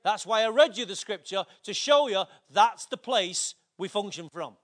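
A man, preaching a sermon with animated storytelling that builds to shouts. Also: sits high, normal speed.

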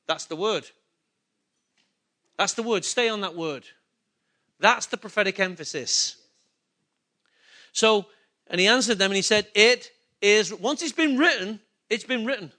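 A man's voice: sits high, unhurried, pauses often, pushed and bright. A man preaching a sermon, emphatic and repetitive, asking the congregation rhetorical questions. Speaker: pastor.

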